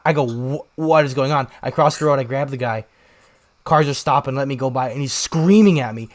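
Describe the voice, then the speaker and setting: A young man co-hosting a podcast, telling a rambling story in casual chat and shouting out the lines he quotes. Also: mid-range voice, brisk. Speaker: podcast co-host.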